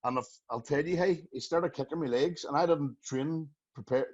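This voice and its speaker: A Northern Irish podcast host, slightly high-pitched, spinning fight and drinking stories with frequent laughs. The recording is muffled and lo-fi. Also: male voice, normal speed, a little mellow, husky. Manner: storytelling, laughs often. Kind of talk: casual chat. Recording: muffled lo-fi sound.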